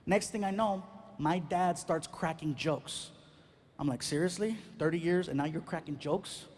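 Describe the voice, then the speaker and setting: A male stand-up comedian tells a long personal story and acts out each exchange. His voice sits notably high for a man. There is faint noise in the background. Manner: animated, acts out every exchange.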